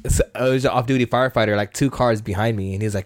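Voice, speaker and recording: A young man tells a story at a quick clip, rambling and casual, with swearing thrown in. He keeps jumping into the voices of the people in the story. His voice sits dry and close, with no room sound around it. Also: on the low side, little pitch movement, a little mellow, no room sound. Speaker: podcast co-host.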